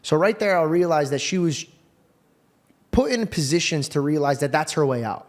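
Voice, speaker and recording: Male host, somewhat high pitch, loose storytelling, heartfelt and profane. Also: normal speed. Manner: casual, swears often, earnest and heartfelt. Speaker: podcast host. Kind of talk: casual conversation, storytelling.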